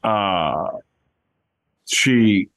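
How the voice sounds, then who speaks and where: A man's voice: lowish voice, drawn-out words, a bit bright, no room sound. An older man, a guest in a casual conversation, telling a rambling, wry anecdote.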